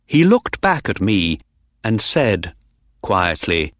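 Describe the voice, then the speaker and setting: A man narrating a story for learners in a slow, clear storytelling manner. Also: lowish voice, very animated, a bit bright, no room sound. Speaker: audiobook narrator.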